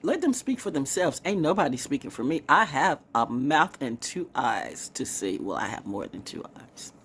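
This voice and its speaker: A woman talks to her camera in a loose, rambling monologue, dropping to hushed asides and then bursting into excitement. Her pitch leaps all over as she talks. A faint outdoor hum sits behind her. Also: moderate pace. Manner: animated, swings from hushed to exclaiming. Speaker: spiritual vlogger, oracle reader.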